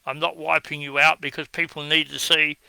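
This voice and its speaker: A man's voice: on the high side, flat delivery, brisk, vocal fry, sharp tone, smooth, dry recording, poor audio. An Australian man speaking in a blunt, scornful way, giving a combative monologue as he answers viewer comments.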